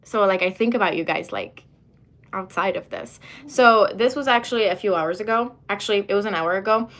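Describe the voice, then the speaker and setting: A young Lebanese woman chats casually on a livestream, her mid-range voice brisk and fairly bright. She reads comments aloud, rambling and losing her train of thought as she goes.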